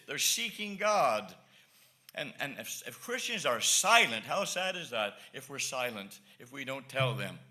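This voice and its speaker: A man's voice: fairly high pitch, pushed and bright. A male evangelist preaching a sermon to his congregation, emphatic and pleading, repeating his points. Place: church congregation.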